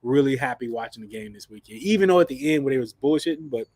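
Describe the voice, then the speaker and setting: A man chatting casually as a panelist, excitable and quick to restart his sentences. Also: mid-range voice, no echo. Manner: excitable, stumbles and repeats words. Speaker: show panelist, former player. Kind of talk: casual chat.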